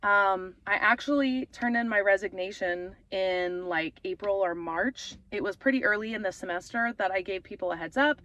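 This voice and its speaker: A young adult woman, an author and vlogger, talks casually in her parked car, rambling with fillers and growing emotional. Her mid-range voice is a bit bright, with no echo but dull audio.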